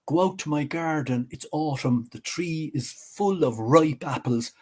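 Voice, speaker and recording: A man voicing the Carruach, a crafty healer who calmly tricks Death. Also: a little high, measured pace, husky. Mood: sly. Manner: sly, calm and cheerfully tricky.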